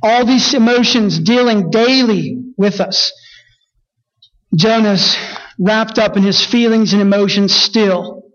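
A man's voice: fairly bright tone, muffled recording. A man preaching a sermon, reading scripture and rising sharply when he rebukes. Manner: preaching, rises high and fast when rebuking. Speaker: pastor.

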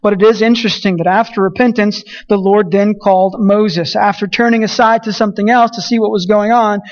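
A man's voice: high voice, steady tone, fairly quick, muffled recording. A man preaching an earnest sermon, reading scripture aloud and repeating phrases as he corrects himself.

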